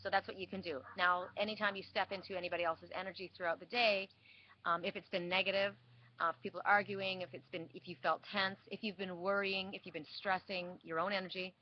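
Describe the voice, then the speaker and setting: A woman's voice: mid-range voice, little pitch movement, fast. A woman giving a weekly spiritual card reading, telling a story with many restarts and repeats. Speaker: oracle card reader. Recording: dull lo-fi sound with faint hiss.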